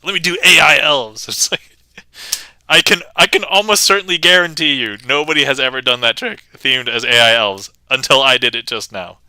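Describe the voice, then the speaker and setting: A man's voice: medium pitch, normal speed, bright, forceful tone, no room sound. A man hosting a live stream, chatting casually while he performs card tricks. He is playful, laughs often and reads viewer comments aloud. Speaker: magic livestreamer.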